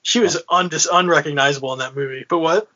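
A man's voice: fairly high pitch, fast talker, sharp tone, lo-fi sound. A man in casual chat, hesitant and full of fillers.

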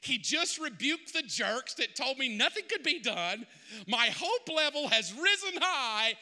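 A male pastor preaching an animated sermon, acting out Bible characters in a church sanctuary. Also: extremely high pitch, a little slow. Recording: reverberant church hall.

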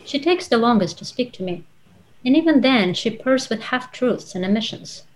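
A woman's voice: a little high, lively intonation, low-quality recording. Thoughtful woman author. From Russia. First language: Russian. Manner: thoughtful, measured, with frequent "uh" and "um". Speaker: author and guest. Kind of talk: conversational interview and reading aloud from her novel.

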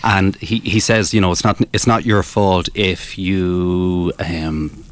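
A man, a business author interviewed as a guest, explaining his ideas in a measured way with frequent restarts. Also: sits low, steady tone. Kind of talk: radio interview.

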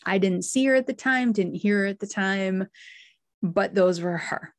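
A woman's voice: mid-range voice, no echo. Heartfelt woman telling a personal story. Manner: emotional, heartfelt, with pauses and restarts. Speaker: podcast host, medium.

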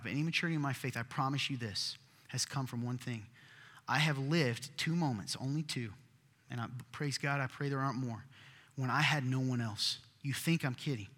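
A man preaching a sermon as pastor, earnest and emphatic, sometimes dropping to a hush. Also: mid-range voice. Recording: hall reverb.

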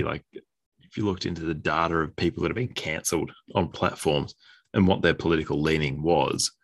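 A podcast co-host with a low-pitched, slightly bright voice makes blunt, opinionated points in a casual chat, swearing now and then.

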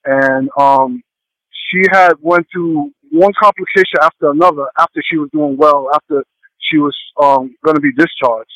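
A man sharing a heartfelt personal testimony, speaking haltingly with many pauses and fillers. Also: on the high side, fairly even intonation, a bit bright, no room sound, low-quality recording. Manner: earnest and heartfelt.

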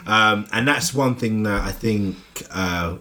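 A man's voice: lowish voice, takes it slowly, sharp tone. A man co-hosting a podcast, chatting casually and easily about film trivia. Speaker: podcast co-host. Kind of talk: casual film review chat.

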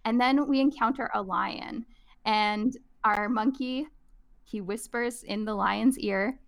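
A woman co-hosting a podcast, reading a picture book aloud and leading a casual discussion in an expressive way. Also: medium pitch, measured pace, creaky, clear, resonant tone. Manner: expressive, animated. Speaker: podcast co-host.

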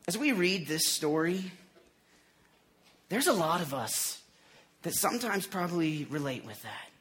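A man's voice: fairly high pitch, sing-song, unhurried, long pauses, fairly bright tone, slightly rough. A man preaching a casual, jokey sermon, retelling scripture in everyday slang.

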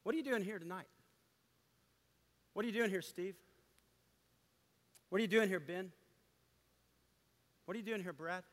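A man delivers an impassioned sermon in a high, bright voice. His preaching swings from near-whispers to ringing declarations. A long reverb trails each phrase, as in a large hall. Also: moderate pace, long pauses. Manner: impassioned preaching, swinging between loud and hushed. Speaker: pastor.

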